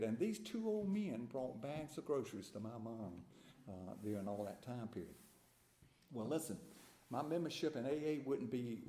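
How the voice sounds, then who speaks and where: An older man speaks to an audience in a large meeting room, delivering an earnest and emphatic personal testimony at a recovery meeting and often repeating words. His voice is mid-range with a dark tone. The echoey hall carries faint room noise.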